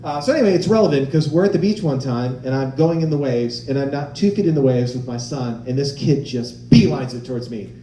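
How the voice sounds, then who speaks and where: A man in his forties performing stand-up comedy, telling stories in an animated way and acting out the voices of people he quotes. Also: mid-range voice, a little fast, few pauses, faint music behind. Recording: roomy live-venue sound.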